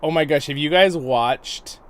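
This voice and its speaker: A man's voice: fairly high pitch, a little slow, background noise. A man hosting a livestream, chatting casually and rambling as he plays, laughing often. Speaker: livestream host and guide. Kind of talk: casual gameplay commentary.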